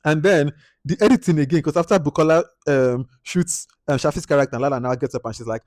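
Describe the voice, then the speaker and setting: A man giving a casual film review, animated and exasperated as he acts out his own reactions. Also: fairly high pitch, fast talker, no room sound, studio quality. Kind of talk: casual movie review monologue.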